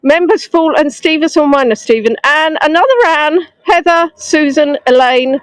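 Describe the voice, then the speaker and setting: A woman's voice: high voice, expressive, moderate pace, hardly any pauses, no echo, rough recording. A woman leading a live-streamed walking tour outdoors in the snow, chatting and greeting viewers by name, filmed on a phone held close on a gimbal. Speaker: virtual tour guide. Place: outdoors in a snowy town street. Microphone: phone on a gimbal held close to the face.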